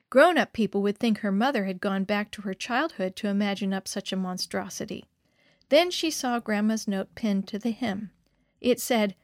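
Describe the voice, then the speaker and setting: A woman reading a story aloud in scripted narration, measured and expressive. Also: medium pitch, no room sound, clean studio sound.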